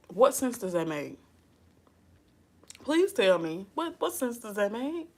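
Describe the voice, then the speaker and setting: An advice vlogger chats casually, a woman who is sassy and talkative and keeps bursting into laughter. Her fairly high, sing-song voice moves slowly, with frequent pauses.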